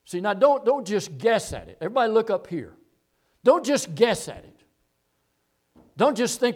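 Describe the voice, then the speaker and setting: A male pastor preaching a sermon, moving from low, quiet asides to loud, impassioned passages. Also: very animated, moderate pace.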